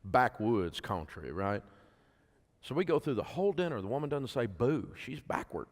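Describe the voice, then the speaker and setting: A man's voice: medium pitch, sing-song, moderate pace. A middle-aged man, speaking to a conference audience in a folksy storytelling way and often asking the crowd questions. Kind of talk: speech to an audience. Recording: long hall reverb.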